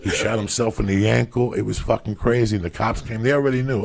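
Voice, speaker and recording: A man in his fifties, a comedian telling stories as a podcast guest, with a raspy voice, heavy cursing and explosive rants. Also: on the low side, steady tone, a little fast, soft background music. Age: 50s. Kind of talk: profane storytelling rant.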